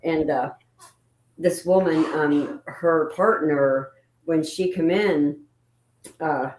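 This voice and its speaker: A woman's voice: deep voice, slow, a little mellow. Emotional woman in an echoey room. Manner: emotional, rambling storytelling. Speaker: paranormal investigator guest. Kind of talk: casual chat.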